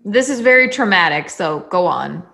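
A woman's voice: lowish voice, lively intonation, moderate pace, vocal fry, sharp tone. A woman co-hosting a casual podcast, teasing her co-host with dry quips and frequent laughter. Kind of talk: casual chat.

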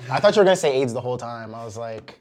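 A man co-hosting a casual chat, telling quick stories with a chuckle. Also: medium pitch, expressive, darkish tone. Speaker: co-host.

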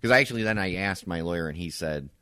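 Deep-voiced man telling stories on a podcast. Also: fast, clear, resonant tone, dry recording, clean studio sound. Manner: relaxed storytelling, swears freely. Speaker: podcast co-host. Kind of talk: casual chat.

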